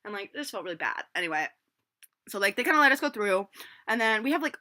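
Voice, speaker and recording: Speaking fast with big swings in pitch, this twenty-something vlogger has a mid-range, bright, forceful voice. She tells a meandering storytime full of cursing and fillers, recorded on her laptop's built-in microphone.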